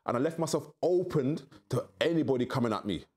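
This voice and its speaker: A middle-aged man from tells his story in an interview, and his voice keeps leaping up high as he acts out other people's words. He sits at a middling pitch and talks in candid, storytelling turns. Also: fast. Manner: animated, acts out quoted voices with big pitch jumps. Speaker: interview guest.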